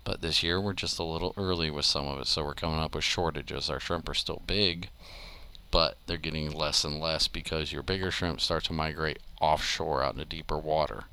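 A man who manages a tackle shop, answering with dry, deadpan humor and explaining bait shrimp in casual chat. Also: rumbling low, a little fast, clean tone. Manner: dry, deadpan self-mockery, plain explaining.

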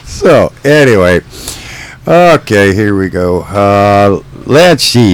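Middle-aged male fishing host, deep low register, jokey folksy delivery, relaxed talk-show chat. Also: slow pace, clean tone. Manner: folksy, joking, peppers speech with "don't you know, eh". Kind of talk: casual talk-show banter.

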